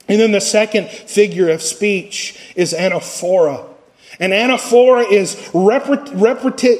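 Pastor, male, high-pitched, sermon delivery with rising and falling intensity. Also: measured pace. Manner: preaching with swells and drops in intensity.

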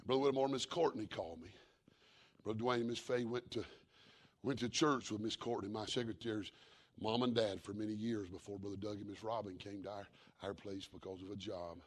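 A middle-aged man preaching a sermon in a folksy, repetitive cadence, moving from quiet storytelling to fervent preaching. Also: on the low side, steady tone, fairly quick, breathy edge.

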